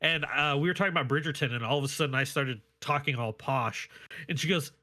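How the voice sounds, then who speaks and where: A man's voice: on the high side, a little fast, pushed and bright. A man, co-hosting a casual podcast and telling chatty, playful stories. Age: 30s. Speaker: podcast co-host.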